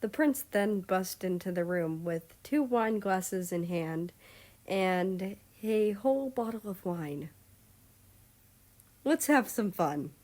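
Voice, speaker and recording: A woman reading a fan story aloud in calm, measured narration. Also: mid-range voice. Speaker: story reader.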